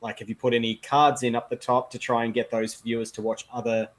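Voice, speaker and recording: A man co-hosts an online chat over a video call and talks at a fast clip. He keeps it practical and plain. His pitch sits in the middle. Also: flat delivery. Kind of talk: casual chat.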